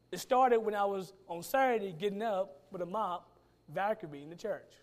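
High-voiced man preaching with emphasis. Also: darkish tone. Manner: preaching with rising and falling emphasis, drawn-out words; colloquial phrasing. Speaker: pastor. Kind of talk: sermon.

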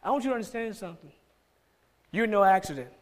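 A man's voice: high-pitched, expressive, quick pace. A man with a Georgia Southern accent preaching a sermon as pastor, emphatic and repeating key phrases for stress.

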